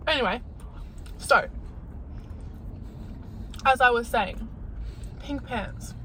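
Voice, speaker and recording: A woman's voice: fairly high pitch, very slow, a bit bright, slight background noise. Chatty young woman in a car. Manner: chatty, laughing, swears casually. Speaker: co-host, girlfriend. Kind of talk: casual chat in a car. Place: inside a car.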